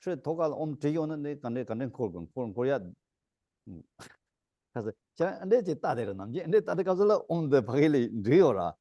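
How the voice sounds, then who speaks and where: A middle-aged man teaching as a Buddhist teacher, speaking emphatically with sudden rising bursts of pitch and loudness. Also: expressive, fast talker, dry recording, dull audio. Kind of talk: dharma teaching.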